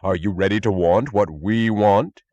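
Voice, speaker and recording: A cold official snarls and snaps in a low, hard voice in an audiobook, as a man puts him on. He keeps a clipped, demanding edge throughout. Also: a little slow, darkish tone, dull audio, lightly acted. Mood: snapping. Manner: snarling, snapping.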